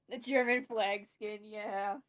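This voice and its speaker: A woman in casual gaming chat on a call, playful and chatty, laughing often. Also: mid-range voice. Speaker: co-player on call.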